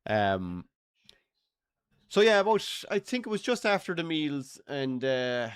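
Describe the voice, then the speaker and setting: Irish guy telling a pub yarn, swears a lot, pitch all over the place, dry close sound. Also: measured pace, clear, resonant tone, no echo. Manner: animated, swearing, laughing storyteller. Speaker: watchalong co-host. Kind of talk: casual pub storytelling and golf chat.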